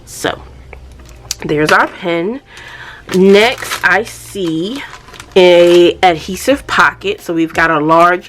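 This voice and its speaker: Woman, lowish voice, casual unboxing vlogger, friendly chat to camera. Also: slow, pauses often, a bit bright, a little hiss or hum. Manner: chatty, addresses viewers as y'all.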